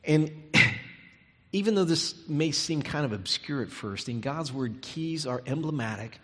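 A man's voice: fairly high pitch, animated, unhurried. Man preaching in an echoing hall. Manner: emphatic, drops to soft near-whispers on key words. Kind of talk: sermon.

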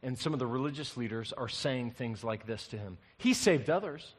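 A male pastor preaching a sermon, an animated storyteller who swings from loud to hushed. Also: medium pitch, fairly quick, in a large hall.

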